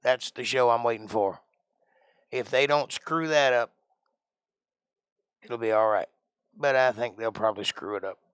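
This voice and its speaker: A man's voice: mid-range voice, unhurried, pauses often, fairly bright tone, smooth, no room sound. A man hosting a casual live stream, joking around in a put-on accent and sounding tired. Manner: joking, puts on an odd made-up accent. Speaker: livestream host.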